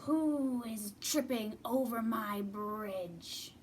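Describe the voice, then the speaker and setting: A woman voicing a mean male troll who drawls out slow, booming threats, recorded from a distance. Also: slight background noise. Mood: menacing. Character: mean bridge-dwelling troll, male, menacing.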